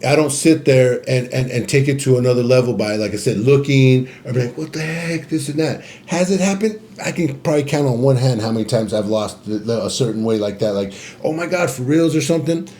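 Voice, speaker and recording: A man's voice: medium pitch, fast, hardly any pauses, dark tone. A man co-hosting a podcast, talking in an emphatic, advice-giving way and repeating phrases for emphasis. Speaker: podcast co-host. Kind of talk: casual podcast conversation.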